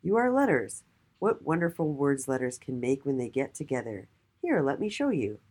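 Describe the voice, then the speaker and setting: A woman voicing a proud, kindly male king in a children's storybook, speaking loudly and grandly. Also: a bass voice, sing-song, moderate pace, breathy edge, full character voice. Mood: regal, jolly. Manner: loud, proud and warm. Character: regal booming male king, kind and jolly.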